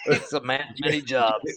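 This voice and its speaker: A man co-hosting a comedy podcast, giggling and riffing with crude jokes and silly quoted voices. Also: medium pitch. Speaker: podcast co-host.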